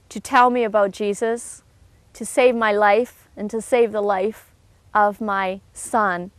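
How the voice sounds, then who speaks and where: A middle-aged woman giving an emotional personal testimony, earnest and heartfelt, with halting restarts. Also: medium pitch, fairly bright tone, no room sound.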